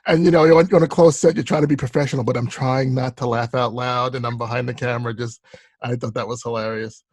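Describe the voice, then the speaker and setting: A man's voice: medium pitch, steady tone, fast talker, a little mellow, no room sound. A man hosting a casual interview, laughing along and telling his own story from a film set. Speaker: interview host.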